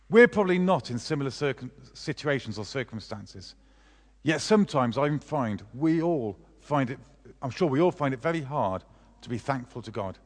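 A man's voice: mid-range voice, lively intonation. Male preacher in an echoing hall. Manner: measured reading with hesitant fillers. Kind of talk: sermon with read-aloud excerpt. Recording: long reverb of a large hall.

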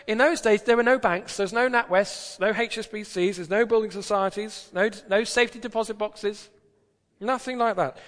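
British man, preacher, high voice, emphatic sermon, long church reverb. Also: fairly bright tone. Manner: conversational, emphatic, rhetorical questions.

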